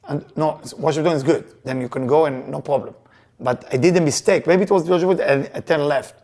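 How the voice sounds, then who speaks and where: Emphatic male Kabbalah teacher, loose grammar, a touch high, storytelling before a live class. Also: brisk. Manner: emphatic, animated, loose non-native grammar. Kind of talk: lesson with personal storytelling.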